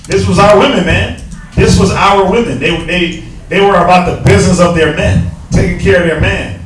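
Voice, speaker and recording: Slangy preacher guy, highish voice, talks from far off in a big echoey room. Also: moderate pace, soft background music. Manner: animated, slangy, rhetorical questions. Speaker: teacher. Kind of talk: street preaching.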